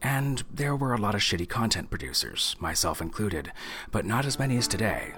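A man's voice: lowish voice, very animated, fairly quick, pushed and bright, soft background music. A man hosting a podcast in a casual, irreverent monologue, sarcastic and profane. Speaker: podcast host.

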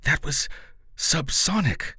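A man's voice: medium pitch, sing-song, normal speed, bright, forceful tone, slightly rough, no room sound, studio quality, voice pushed up, exaggerated voice. A man voicing a solemn, pompous middle-aged male scientist who asks prying questions and stammers when flustered. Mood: insistent.

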